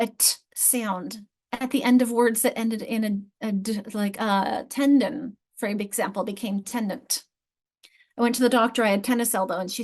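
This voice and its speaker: A woman with a New York accent leads an online class over a video call. Her voice sits a little high, and her talk is friendly and chatty, with frequent restarts. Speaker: literacy instructor. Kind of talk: online teaching session.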